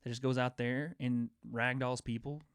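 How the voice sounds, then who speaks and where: A man's voice: mid-range voice, little pitch movement, normal speed, clean tone, dry recording, studio quality. A young man hosting a casual sports chat show, rambling enthusiastically through fight news. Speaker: host.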